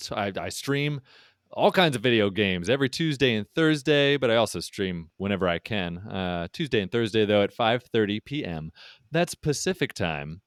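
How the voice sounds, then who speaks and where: Man, podcast co-host and gamer, animated melody, dry recording. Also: fairly low pitch, dry recording. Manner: goofy, playful interjections. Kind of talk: casual podcast banter.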